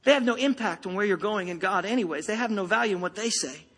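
The clip captures a pastor in a church sanctuary, preaching a rousing, emphatic sermon directly to his listeners. He's a fast talker with a high-pitched, fairly bright, slightly rough voice, and the sound carries a large hall's long reverb.

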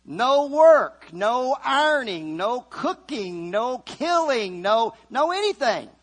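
A man preaching a sermon, fervent, swinging from loud calls to quiet asides. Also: very high voice, sing-song, slow.

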